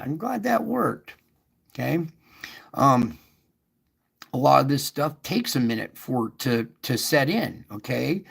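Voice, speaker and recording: A man with a rough, gravelly edge speaks earnestly and conversationally, like a host giving spiritual encouragement online. His voice has a husky, breathy grain. He pushes up into emphatic rises and often restarts his sentences mid-thought. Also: medium pitch, fairly bright tone. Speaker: host of an online faith show.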